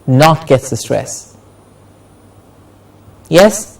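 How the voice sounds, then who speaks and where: A man teaching English word stress, slowly repeating each example word for the class to say along. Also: fairly high pitch, distant mic, poor audio. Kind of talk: classroom lesson with drills.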